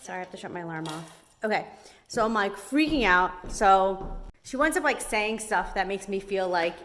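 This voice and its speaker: Young woman vlogging, rambling and chatty, says like constantly, mid pitch. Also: lively intonation, normal speed, fairly bright tone, slight background noise. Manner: chatty, heavy use of "like" fillers. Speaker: hairstylist vlogger. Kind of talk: casual storytelling to camera.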